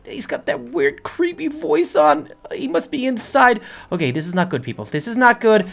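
A young woman narrates her game play in a lively, swooping voice, excitable and prone to nervous stammers and rambling asides. Faint music runs beneath her. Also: on the high side, normal speed, gravelly, hardly any pauses. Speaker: game video host playing a character.

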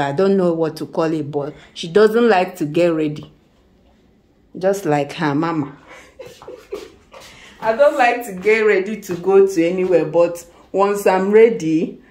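A Nigerian woman filming a casual family vlog at home, gently coaxing her child and laughing often. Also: lowish voice, poor audio. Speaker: family vlogger, mother.

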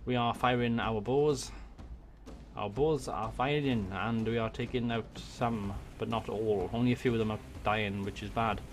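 A man from Wales with a Welsh accent, giving excitable let's-play commentary on a strategy game into a desk microphone, swearing and muttering to himself as he plays. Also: fairly low pitch, moderate pace, soft background music. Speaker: gaming YouTuber. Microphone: desk USB microphone.

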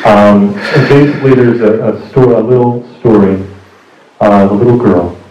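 A young man giving a rambling, joking wedding toast for his brother, with halting restarts. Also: on the low side, dark tone, highs cut off, soft background music. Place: wedding reception hall. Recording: echoey hall, distant mic, noisy.

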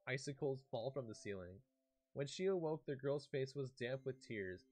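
A man's voice: medium pitch, normal speed, faint music behind. A young man streaming a game, reading a storybook aloud and often breaking off to chat and react.

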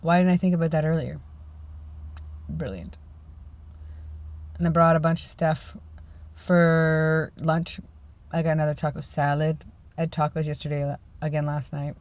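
A man's voice: on the high side, level tone, moderate pace, long pauses. A young man in his twenties, vlogging casually in a rambling, self-deprecating way. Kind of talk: casual vlog chat.

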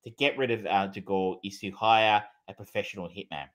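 A man's voice: on the low side, fairly quick, a bit bright, a little hiss or hum. A man co-hosting a film podcast, chatting casually with many fillers, restarts and the odd swear word. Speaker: podcast co-host. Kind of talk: casual film review chat.

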